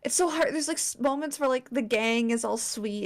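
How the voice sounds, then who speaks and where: A young woman shows a slideshow to her friends in casual conversation, talking fairly quickly in a higher-pitched voice. She's chatty, swears often and leans heavily on fillers like "like" and "um."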